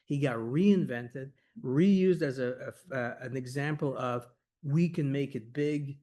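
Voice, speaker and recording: A man speaking at a scholarly workshop, telling stories in an enthusiastic, rapid, conversational way full of "like" and "you know", sometimes laughing as he goes. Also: mid-range voice, warm tone. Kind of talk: animated conversational lecture.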